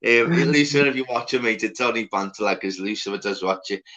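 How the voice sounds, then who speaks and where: A man's voice: on the low side, a little fast, pushed and bright. A man hosting a livestream, chatting casually, swearing and laughing, calling everyone "lad" and "mate". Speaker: livestream host. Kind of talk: casual chat.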